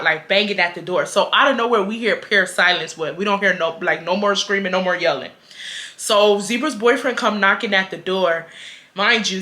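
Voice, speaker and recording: Animated bright-voiced young woman vlogger. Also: medium pitch. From Houston, Texas. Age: 20s. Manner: animated, quotes people, switches between laughing and getting fired up. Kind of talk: storytime vlog, casual chat.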